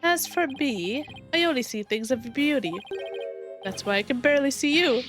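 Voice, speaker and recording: Woman doing pompous game dandy, haughty, theatrical, higher pitch, faint music behind. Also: animated, moderate pace. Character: vain preening male dandy, haughty and pompous. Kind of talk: fan voicing of game dialogue.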